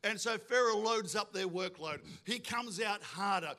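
A man's voice: sits high, measured pace, sharp tone. A man preaching a sermon with fervour, asking the crowd questions and acting out quoted voices. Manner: fervent preaching with call-and-response questions, acts out quoted voices. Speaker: pastor.

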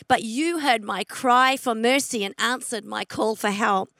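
A middle-aged woman preaching a sermon, earnest, repeating her key questions and slowing down to stress scripture. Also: on the high side, vocal fry, sharp tone, no echo.

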